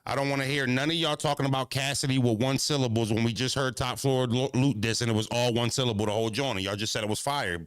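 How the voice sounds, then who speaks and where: Animated man ranting to his stream chat. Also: fast, few pauses, clear, resonant tone, no room sound, clean studio sound. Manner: animated, repetitive, swings from low mutters to high exclaims. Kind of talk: casual live-stream rant.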